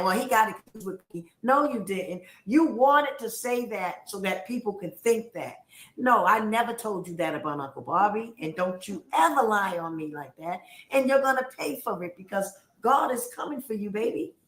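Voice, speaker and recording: A woman's voice: mid-range voice, animated, moderate pace, a bit bright. A middle-aged woman on a livestream, emotional and accusatory, repeating her points as she rants. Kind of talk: heated livestream rant. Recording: roomy echo.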